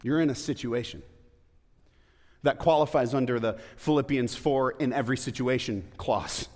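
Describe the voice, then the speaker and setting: A man's voice: medium pitch, normal speed, a little mellow. A man preaching a sermon in a church, talking conversationally with rhetorical questions and playful asides. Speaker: pastor. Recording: long hall reverb.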